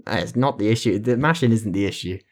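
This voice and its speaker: A man chatting casually on a gaming podcast, his voice sitting fairly low. He talks with enthusiasm and rambles as he explains things. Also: fast talker. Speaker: podcast co-host.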